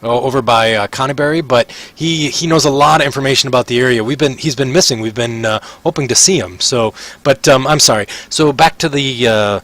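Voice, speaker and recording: A man's voice: mid-range voice, fairly quick, few pauses, fairly bright tone, natural voice. A man voicing a friendly, balding male shopkeeper of about fifty, eager and chatty, who stammers and repeats words.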